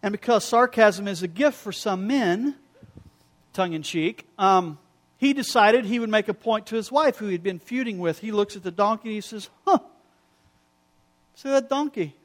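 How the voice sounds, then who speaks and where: A middle-aged man preaching a sermon as pastor, telling stories and acting out quoted lines in an animated way. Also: sits high, normal speed.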